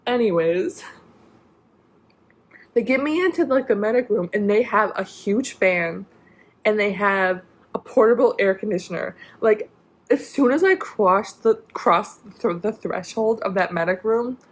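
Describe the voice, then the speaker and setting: A woman's voice: mid-range voice, animated, a little slow. Young woman vlogger, chatty rambling storyteller. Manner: rambling, many "like" fillers and restarts. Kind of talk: casual storytime.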